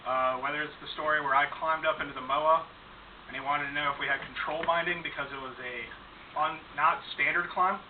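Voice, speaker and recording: A man's voice: on the high side, steady tone, brisk. Male flight instructor, dry humorous speech, with fillers, on a distant, phone-like, noisy recording. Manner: dry storytelling with fillers and chuckles. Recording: far-off mic, phone-like sound, noisy room.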